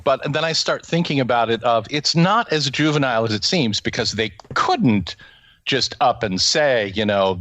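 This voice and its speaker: A man's voice: medium pitch, animated, normal speed, a bit bright, no echo. A man in his forties hosting a casual comic book discussion, chatty and jokey with rambling restarts. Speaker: podcast host.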